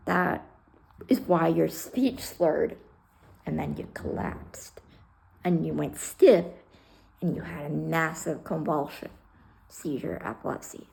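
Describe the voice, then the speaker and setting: A woman's voice: sits low, gravelly, darkish tone. A woman, a retired fire rescue worker, telling her own story in a casual vlog, blunt and candid, swearing and mixing humor with raw emotion. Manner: retells scenes by acting out both sides of conversations.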